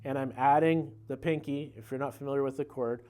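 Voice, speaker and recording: A man giving a casual guitar lesson in a relaxed, conversational way, counting beats aloud as he explains. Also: medium pitch, fairly quick. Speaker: guitar teacher. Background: guitar playing.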